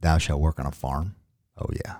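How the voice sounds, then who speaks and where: A man's voice: rumbling low, fairly even intonation, moderate pace, a little mellow, dry recording, studio quality. A middle-aged man from the Ozarks with a Southern accent, co-hosting a podcast in a folksy, joking way. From Ozark region, US. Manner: folksy, joking, restarts often. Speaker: podcast co-host. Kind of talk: casual podcast chat.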